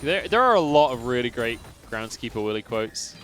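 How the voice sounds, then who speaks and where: A man's voice: mid-range voice, very animated, moderate pace, fairly bright tone. A man casting a professional esports match, trading jokey banter with his co-caster between calls. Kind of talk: play-by-play and colour commentary.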